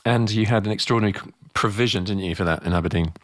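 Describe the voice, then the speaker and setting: Male interviewer, low-pitched, dry close mic, brief supportive interjections. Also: rapid-fire, no room sound. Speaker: podcast host.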